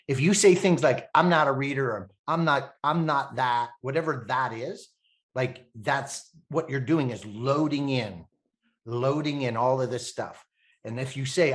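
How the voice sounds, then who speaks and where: On a podcast, a Canadian guest in his fifties spins lively stories in a mid-range voice. Laughter comes often, and he does voices for the people he's quoting.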